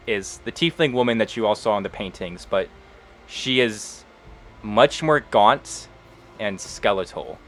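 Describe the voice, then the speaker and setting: A man's voice: lowish voice, a bit bright. A man narrating as game master of a tabletop role-playing game, casual, with frequent ums and uhs.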